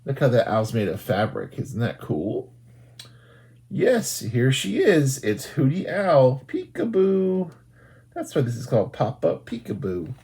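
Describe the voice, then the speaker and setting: A man, a children's librarian, doing an animated storytime read-aloud and talking to young children. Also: medium pitch, a little slow, creaky, breathy edge. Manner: animated, sing-song, talks to young children.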